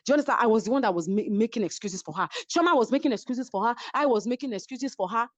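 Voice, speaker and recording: A woman's voice: fairly high pitch, expressive, racing, dry recording, dull audio. A middle-aged Nigerian woman with a Nigerian accent, a reality show guest telling a story in a dramatic way on a remote call. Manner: dramatic, keeps asking "do you understand?". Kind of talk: animated storytelling in an interview.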